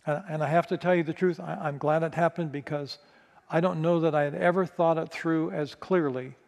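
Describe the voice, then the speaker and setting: A man's voice: on the high side, fairly even intonation, brisk, creaky, darkish tone. Man preaching in an echoing hall. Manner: candid, self-mocking, stammers on restarts. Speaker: pastor. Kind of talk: sermon with personal storytelling. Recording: long reverb of a large hall.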